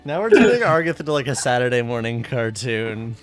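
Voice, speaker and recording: A man co-hosts a let's play with relaxed, joking commentary, sometimes rattling off trivia in a quick burst. His voice sits at an ordinary middle pitch. Faint game music plays underneath. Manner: joking, reads trivia fast. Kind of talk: casual gameplay commentary.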